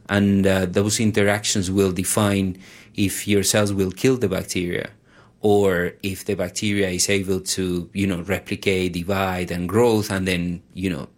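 A man who leads a research group, explaining science casually in an interview and often saying "you know". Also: low voice. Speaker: research group leader at a lab.

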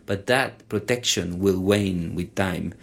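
A man's voice: low voice, takes it slowly, gravelly. A man who leads a research group, explaining science casually in an interview and often saying "you know". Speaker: research group leader at a lab.

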